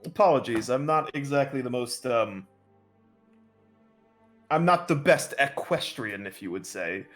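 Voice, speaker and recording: A man's voice: medium pitch, expressive, unhurried, long pauses, a bit bright, soft background music. A man voicing a flustered, overly polite male knight who talks in a courtly, fussy, apologetic way.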